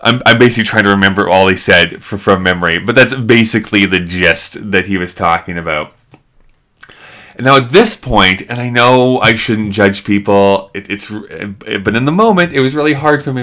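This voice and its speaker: A man hosting a live stream, telling a story in an animated, chatty way full of "like". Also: fairly low pitch, normal speed. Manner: animated, chatty, heavy use of "like".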